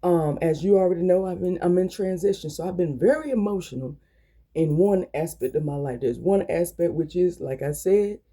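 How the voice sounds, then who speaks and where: A woman delivers a weekly motivational message like a sermon. Her voice is very dark and mellow, with a husky edge. She leans on repeated questions and draws out words for emphasis. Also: on the low side, expressive. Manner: repetitive call-and-response, drawn-out emphatic phrases. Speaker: motivational speaker. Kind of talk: preaching motivational encouragement.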